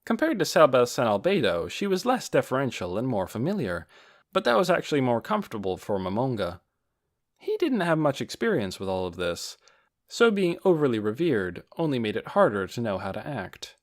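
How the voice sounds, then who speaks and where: A man narrating a fantasy novel as an audiobook with expressive storytelling. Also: medium pitch. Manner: expressive storytelling, varied intonation.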